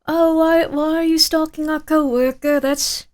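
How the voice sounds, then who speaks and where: A woman's voice: sits high, fairly even intonation, unhurried, a little mellow, voice pushed up. A woman imitating a sweet, flustered young man, overly polite.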